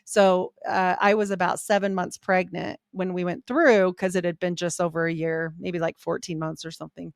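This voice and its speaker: A middle-aged woman, a podcast guest, telling her life story in a candid, animated way. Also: lowish voice, moderate pace, gravelly, hardly any pauses, dry recording, clean studio sound. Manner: animated, quotes people in voiced asides.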